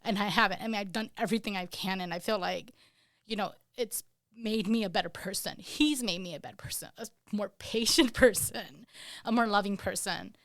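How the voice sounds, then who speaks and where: Speaking briskly in a bright-ish, medium-pitched voice, a mother of an autistic child talks candidly and earnestly as a guest on a podcast interview. She leans on "you know" often, and the studio-quality recording has no echo.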